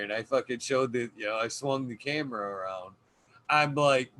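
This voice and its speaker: A man's voice: medium pitch, normal speed, fairly bright tone. A man hosting a podcast, telling a story in a rambling, profane way with plenty of fillers. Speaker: podcast host. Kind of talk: casual storytelling.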